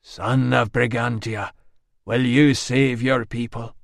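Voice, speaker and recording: A man's voice: medium pitch, steady tone, takes it slowly, gravelly, no echo, clean studio sound. A man doing a rousing tribal storyteller. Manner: rising rallying calls to a crowd.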